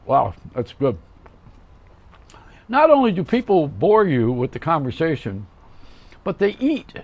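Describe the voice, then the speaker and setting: Talking directly to the viewer, an older male host wanders through a comic monologue full of wisecracks and one-liners. His voice is slightly higher than the typical man's, with wildly swooping pitch, a somewhat slow pace, and a darkish tone.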